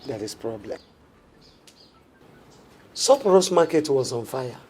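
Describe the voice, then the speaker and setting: A woman's voice: rumbling low, expressive, unhurried, a little mellow, slight background noise. An actress playing a worried, reproachful middle-aged Nigerian mother. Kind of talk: Nollywood film acting.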